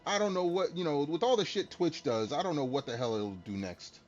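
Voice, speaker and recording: A man streams a game and talks casually with his chat, joking, laughing, and swearing freely. His voice is a little high and fairly quick, and the stream audio is dull and lo-fi with faint music.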